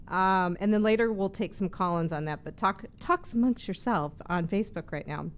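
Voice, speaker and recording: A woman's voice: medium pitch, normal speed, hardly any pauses, clean tone. A woman hosting a live talk show, chatting casually and teasing her guest. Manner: chatty and teasing, laughs often. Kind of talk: casual chat.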